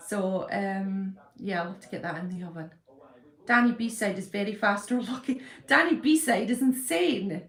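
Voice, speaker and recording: A woman in her fifties hosting a casual live stream, greeting viewers and reading their comments aloud in a chatty way with many ums and apologies. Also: mid-range voice. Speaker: livestream host. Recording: roomy echo.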